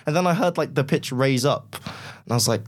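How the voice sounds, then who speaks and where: A man's voice: mid-range voice, fairly quick. Rambling man telling dating stories. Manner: rambling storyteller, self-deprecating, acts out his own reactions. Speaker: podcast co-host. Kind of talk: casual chat.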